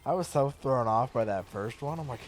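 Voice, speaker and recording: A man's voice: medium pitch, lively intonation, brisk, slight background noise. A young man in a casual, crude chat, swearing freely and laughing often as he tells stories.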